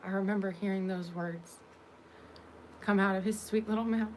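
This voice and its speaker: A woman vlogger telling a personal story in a halting way, with many pauses and fillers. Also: medium pitch, steady tone, darkish tone, a little hiss or hum.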